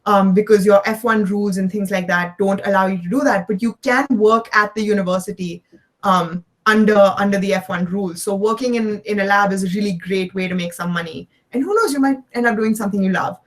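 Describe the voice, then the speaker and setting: A young woman from India with a mix of Indian and American accents, chatting as an interview guest with quick laughs and restarts. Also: medium pitch. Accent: Indian English mixed with American. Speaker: guest, neuroscience PhD student. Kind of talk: casual interview chat.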